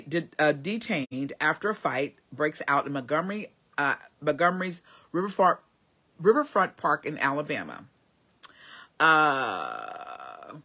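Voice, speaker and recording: A woman's voice: low voice, fairly bright tone. A woman vlogging to camera, talking earnestly about faith and prayer, rambling with many fillers. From Cincinnati area, USA. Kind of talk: casual motivational talk.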